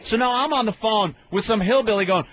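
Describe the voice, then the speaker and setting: Man, high voice, comic storyteller, profane and indignant, dull lo-fi radio sound. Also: fairly quick, slight background noise. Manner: acts out every voice in his story, profane and indignant. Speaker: comedian guest. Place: radio studio.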